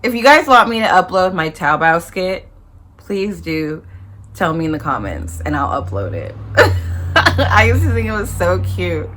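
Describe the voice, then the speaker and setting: A woman's voice: on the low side, big pitch swings, unhurried, a bit bright, slight background noise. A young woman vlogger chatting casually to her viewers, rambling through her thoughts with plenty of asides. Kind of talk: casual chat to camera.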